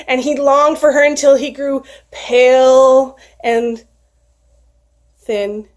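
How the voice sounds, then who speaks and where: A woman retelling a folktale aloud in an expressive, animated storytelling manner. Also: sits high, slow pace.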